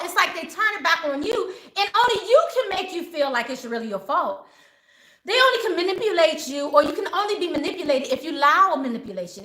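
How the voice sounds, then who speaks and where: A middle-aged woman, a spiritual advisor, talking casually and animatedly to her viewers and acting out what people say. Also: very high voice. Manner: animated, acts out quoted voices. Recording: roomy echo.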